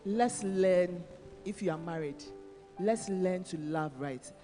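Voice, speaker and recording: A woman's voice: lowish voice, takes it slowly, warm tone. A woman with a Ghanaian accent giving a sermon at a conference, teasing and calling on audience members by name. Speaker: conference speaker. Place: church hall. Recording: long hall reverb, faint music.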